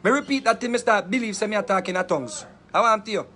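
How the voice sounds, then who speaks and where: Jamaican man with a high voice, lively and dramatic casual storyteller in thick patois. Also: fast. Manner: animated, laughing often, patois-heavy, dramatic retelling. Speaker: interviewee telling a story.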